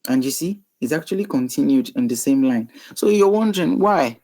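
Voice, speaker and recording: A man's voice: fairly high pitch, expressive, moderate pace, dark tone, rough recording. Chatty man explaining code on screen. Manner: chatty, thinks aloud with many ums and self-corrections. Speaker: web development tutor. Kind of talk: screen-recorded coding tutorial.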